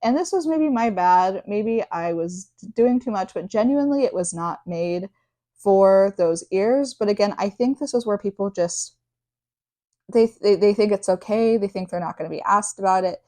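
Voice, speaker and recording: A woman's voice: medium pitch, expressive, normal speed, mellow. A young woman vlogger chatting candidly to her viewers, with lots of asides and fillers. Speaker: vlogger and service dog handler. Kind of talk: casual talk to camera.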